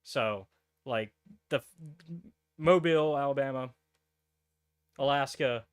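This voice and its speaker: A man's voice: mid-range voice, slow pace, clear, resonant tone. A man co-hosting a podcast, chatting casually and rambling, with many fillers and restarts. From United States. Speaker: podcast co-host. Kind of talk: casual chat.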